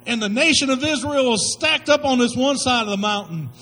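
A man's voice: very high voice, a little fast, bright, forceful tone, low-quality recording. A male pastor preaching a sermon, telling stories in folksy slang with emphatic delivery.

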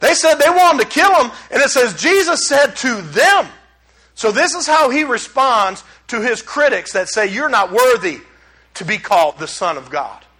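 A middle-aged man, pastor preaching a sermon in a church, animated and conversational with humor. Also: very high voice, normal speed. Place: church sanctuary.

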